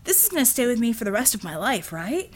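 A woman's voice: on the high side, sing-song. Dopey hulking young man, eager, blurting, audiobook character, woman narrator doing him. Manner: eager, slow-witted, blurting. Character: big dim-witted young male metahuman.

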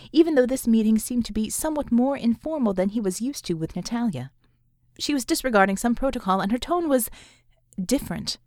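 A woman's voice: fairly high pitch, a little mellow, no room sound. Woman narrating an audiobook, dry sound.

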